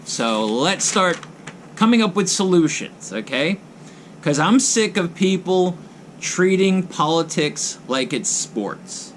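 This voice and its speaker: Brief: a male vlogger on a blunt, repetitive rant, voice on the higher side. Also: expressive, a little slow, a little hiss or hum. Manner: blunt, mocking, emphatic with repeated phrases. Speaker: vlogger host. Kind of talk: ranting commentary to camera.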